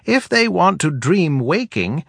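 A man's voice: a little high, very animated, unhurried, gravelly, a bit bright, husky, no room sound, pitched above the performer's own voice, heavily acted. A man voicing the scornful elder woman who leads a small forest people, in a mocking, incredulous tone. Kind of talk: audiobook character voice.

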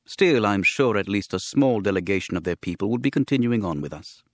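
A man playing a courtly alien aristocrat with a formal, measured and grave manner, his low voice unhurried and solemn in a storybook reading. The recording is close and dry. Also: expressive, no room sound.

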